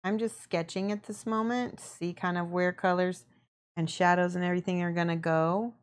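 A young woman casually explaining her painting as she works, chatty and relaxed, answering her viewers and laughing often. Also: on the low side, moderate pace. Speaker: miniature painting streamer. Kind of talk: casual painting tutorial chat.

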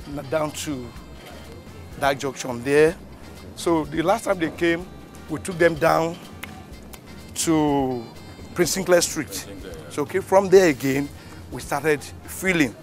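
Man recounting road works. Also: on the high side. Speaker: community development official. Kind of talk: on-site project briefing.

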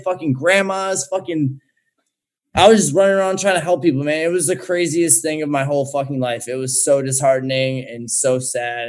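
A young man, a podcast guest on a remote call, telling a story in a loose, slangy way and swearing heavily. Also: on the high side. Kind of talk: casual storytelling.

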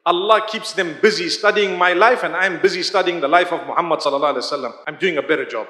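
Male lecturer, high register, chatty preaching style that draws in the crowd; roomy hall sound. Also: quick pace, sharp tone. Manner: conversational, often asks the audience questions. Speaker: Islamic lecturer. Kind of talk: live religious lecture to an audience. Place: large hall. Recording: echoey hall reverb.

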